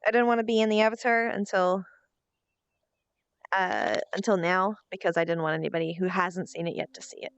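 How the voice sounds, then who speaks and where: Woman, streamer, creaky voice, thinking aloud, dry dull lo-fi audio, faint music behind. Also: on the low side, steady tone, fairly quick, no room sound. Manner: thinks aloud while waiting, chatty self-narration. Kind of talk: casual live-stream chatter.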